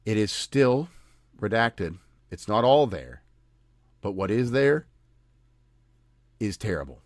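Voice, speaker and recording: An American man hosting a podcast in casual, sarcastic and indignant talk. His voice sits a bit low. The sound is dry and close-miked. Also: big pitch swings, slow, dry recording. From United States. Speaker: podcast host. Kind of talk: casual chat.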